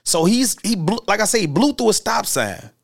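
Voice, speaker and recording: A man spins old street stories in a loose, casual way, his voice sitting a little high and full of gravelly fry. He acts out the people in the tale with lively jumps in his voice. The sound is close and dry, with no room around it. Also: normal speed, no room sound. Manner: animated, acts out quoted voices, loose slang-heavy talk with restarts. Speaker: storyteller host.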